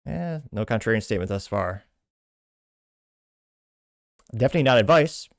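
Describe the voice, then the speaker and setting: A man's voice: fairly low pitch, expressive, moderate pace, no echo. A man hosting a show, casually reading out social media posts with frequent stumbles and self-mocking asides. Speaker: show host.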